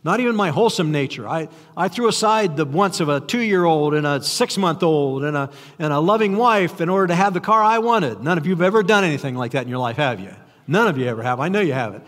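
A man's voice: on the high side, lively intonation, quick pace, few pauses, a bit bright. An older man preaching a sermon in a conversational, self-deprecating way, stumbling over restarts and tossing out rhetorical questions. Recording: long hall reverb.

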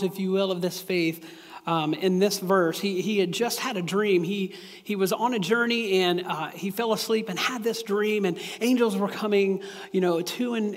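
Male pastor, high-pitched, casual confessional sermon, reverberant hall. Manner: casual, confessional, with many restarts and asides. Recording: echoey hall with long reverb.

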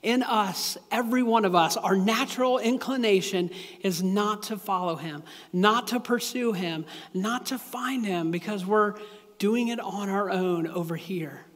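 High-voiced pastor preaching in an echoey hall. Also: male voice, unhurried, fairly bright tone. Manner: casual, confessional, with many restarts and asides. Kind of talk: sermon. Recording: echoey hall with long reverb.

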